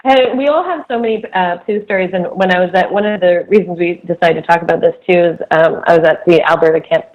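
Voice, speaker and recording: A woman's voice: fairly low pitch, fast, darkish tone, muffled recording. Giggly woman telling camp stories. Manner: giggly storyteller who laughs mid-sentence. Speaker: podcast co-host, camp director. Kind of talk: casual podcast chat.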